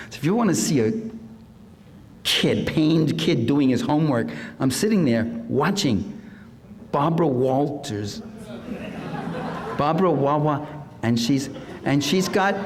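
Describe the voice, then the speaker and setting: A man's voice: mid-range voice, darkish tone, long reverb tail, slight background noise. An older man giving a public lecture in a sardonic, mocking manner, sometimes putting on comic voices. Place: lecture hall.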